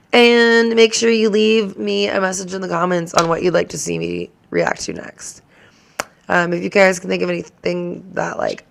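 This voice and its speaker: A woman's voice: on the low side, gravelly, a bit bright. A woman hosting her own reaction channel, chatting casually to the camera in a rambling way that keeps drifting into tangents.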